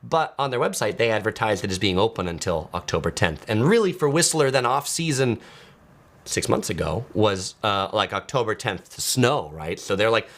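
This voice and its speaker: A man's voice: lowish voice, fairly bright tone. A man talks through his trip in a loose, conversational stream. He trips over his own sentences, fills gaps with "uh" and "like", and stops to answer viewer comments. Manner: chatty, many fillers and restarts, reads viewer comments. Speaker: travel vlogger. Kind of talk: casual live-stream chat.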